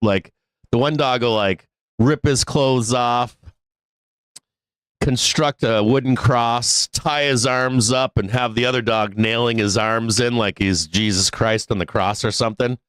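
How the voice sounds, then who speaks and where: A man's voice: medium pitch, steady tone, unhurried, a bit bright, clean tone, no echo. A man hosting a live stock trading show, chatting casually, rambling and swearing freely, often breaking into laughter. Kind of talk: casual live-stream talk.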